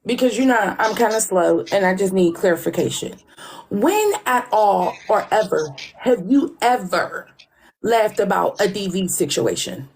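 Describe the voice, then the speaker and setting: A woman's voice: mid-range voice, lively intonation, a little slow. A woman co-hosting a commentary chat, asking questions in a sarcastic, mock-innocent way.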